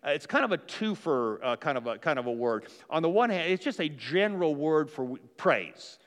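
A man preaching a sermon in a relaxed, conversational way, often stopping on fillers and restarting his phrases. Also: a little high, brisk, few pauses, in a large hall. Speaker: pastor.

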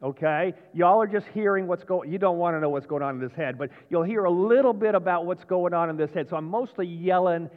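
A male pastor preaching a sermon in a folksy, animated way, sometimes raising his voice. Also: high voice, brisk, hardly any pauses. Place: church sanctuary. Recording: dull sound with long church reverb.

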